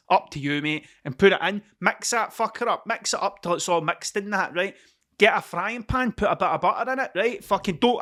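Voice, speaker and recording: Scottish man, podcast host, high voice, sweary, rambling, self-mocking, casual monologue. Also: bright, forceful tone. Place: cold room at home. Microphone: camera mic.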